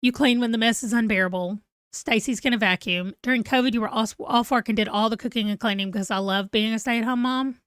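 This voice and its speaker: A woman's voice: a little high, quick pace, a bit bright, no room sound, clean studio sound. A woman in her forties, chatting casually and rambling to viewers on a live stream. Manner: rambling, chatty, self-deprecating. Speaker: book vlogger.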